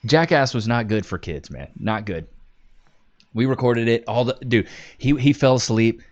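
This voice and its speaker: A man in his twenties chatting casually on a live stream, telling wild stories and reading comments aloud with animated swearing and laughter. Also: mid-range voice, normal speed, lo-fi sound. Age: 20s.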